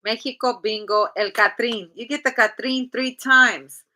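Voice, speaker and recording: A woman's voice: a little high, fairly even intonation, a little slow, sharp tone, slight background noise, low-quality recording. A woman giving a casual tarot reading in a blunt, chatty, profane way. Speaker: tarot reader.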